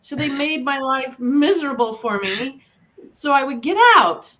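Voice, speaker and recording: A middle-aged American woman, an animal communicator, shares her story as an interview guest in a casual conversation. Her voice sits high and sounds a little bright, and she speaks at a measured pace in an earnest, encouraging way.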